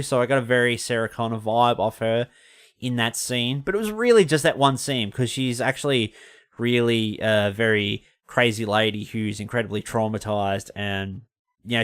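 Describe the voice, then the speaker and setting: A podcast host with a medium-pitched, slightly bright voice chats casually through a film review, rambling loosely and correcting himself mid-sentence. The sound is clean.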